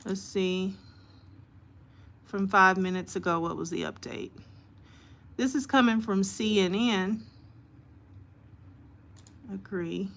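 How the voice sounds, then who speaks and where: A woman live-streaming as a host, reading news reports aloud haltingly with many fillers and greeting her viewers by name. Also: mid-range voice, a bit bright.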